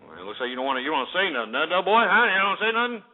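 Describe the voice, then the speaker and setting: Abrasive male radio host who rants at callers; high, lively pitch; tinny phone-line audio. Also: rapid-fire. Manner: abrasive, ranting, insults callers. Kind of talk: call-in radio show.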